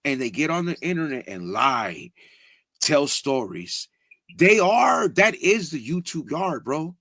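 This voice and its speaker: A man's voice: a little high, big pitch swings, unhurried, sharp tone, no echo. A man in casual podcast chat, talking bluntly and profanely and often tacking "bro" onto his sentences. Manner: blunt, profane, keeps saying "bro" and "fool".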